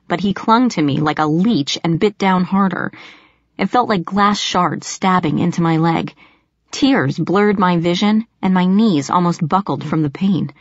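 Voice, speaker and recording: A woman giving steady, measured first-person audiobook narration. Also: on the low side, no room sound. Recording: dull lo-fi audio.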